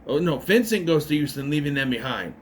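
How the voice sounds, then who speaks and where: Lively rambling man recapping a movie. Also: on the high side, brisk, slight background noise. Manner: rambling, self-correcting, sarcastic asides. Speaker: movie reviewer. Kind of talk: casual spoken movie recap.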